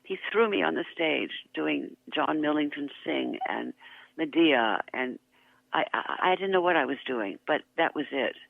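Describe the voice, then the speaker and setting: An older woman, a guest actress, telling lively anecdotes in an interview, laughing often and poking fun at herself. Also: sits low, moderate pace, gravelly, no room sound. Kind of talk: interview storytelling. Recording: tinny phone line.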